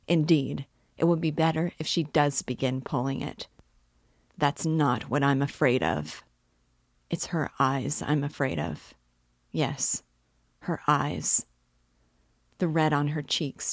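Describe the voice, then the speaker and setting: A drunken, despairing clerk pleads and rambles through his confession, read by a woman in an audiobook. The voice sits low and unhurried, close and dry. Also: vocal fry, no echo, full character voice. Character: drunken middle-aged male clerk, despairing.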